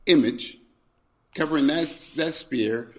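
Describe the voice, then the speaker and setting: A man guest-hosting a podcast in relaxed, casual chat. He talks in an animated way, stammering and repeating himself as he argues his point. He keeps it playful and teasing. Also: on the high side, takes it slowly. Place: indoors, recording in person with co-host.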